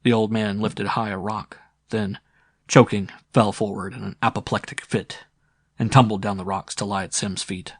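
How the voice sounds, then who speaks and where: A man narrating a science fiction audiobook in a steady, dramatic reading. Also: on the low side, normal speed, slightly rough, no room sound, studio quality. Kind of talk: scripted narration.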